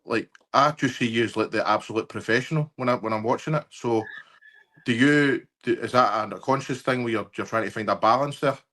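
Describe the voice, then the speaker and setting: A man's voice: medium pitch, a little fast, fairly bright tone. A man hosting a casual football podcast, asking his guest rambling questions. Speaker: podcast host. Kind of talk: casual interview chat.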